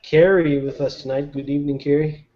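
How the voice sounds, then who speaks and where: A man's voice: fairly high pitch, steady tone, a little fast. A man hosting a casual live online chat show from home, laid-back and jokey. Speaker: host. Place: home in Nova Scotia. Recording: lo-fi online call audio.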